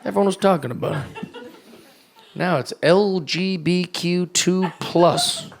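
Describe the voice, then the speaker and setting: A man's voice: sits high, measured pace, creaky. A man in his thirties doing a stand-up comedy set, with a loose, rambling delivery and acted-out voices, recorded live on a club stage with a handheld mic. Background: audience laughter.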